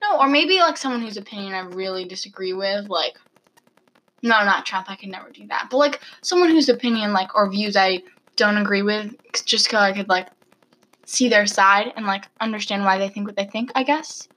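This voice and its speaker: A woman's voice: medium pitch, normal speed, pushed and bright, a little hiss or hum, low-quality recording. A teenage girl chatting with a friend, dramatic and exclamatory, going off on tangents. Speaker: friend asking questions. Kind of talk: casual chat.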